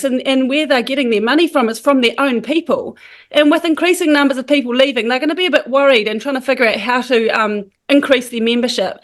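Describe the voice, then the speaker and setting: A woman talks casually as a guest on a podcast. Her voice is high and she talks in a chatty, animated way. She fills her sentences with ums and restarts. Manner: chatty, animated, many fillers. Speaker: guest, founder of a support group.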